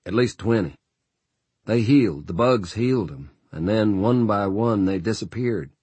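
A grim frontier rider who has seen too much, talking in an unhurried rural drawl, as a man reads him aloud. The voice sits very low and a touch husky. The recording is close and dry, with no room around it. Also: animated, mellow, dry recording. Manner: rural drawl, folksy grammar.

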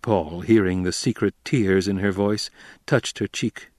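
A man narrating a novel in an even, measured storytelling manner. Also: low-pitched, no room sound, clean studio sound. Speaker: audiobook narrator. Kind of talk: scripted narration.

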